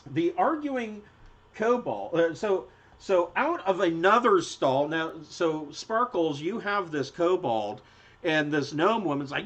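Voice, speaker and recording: Lively man running a tabletop game, halting delivery, lo-fi recording. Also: a little high. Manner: hesitant, many fillers and restarts. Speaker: game master. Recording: dull lo-fi audio.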